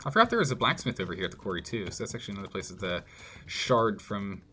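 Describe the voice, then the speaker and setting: A man's voice: on the low side, sing-song, rapid-fire, bright, forceful tone, slight background noise. A man streaming gameplay live, commenting in a playful, jokey way.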